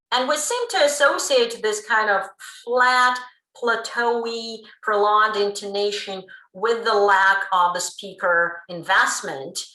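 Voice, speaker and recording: Lively woman giving a recorded lecture. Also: mid-range voice. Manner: explanatory, lively, with frequent um and uh. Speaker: linguistics lecturer. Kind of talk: pre-recorded academic lecture. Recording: roomy room sound.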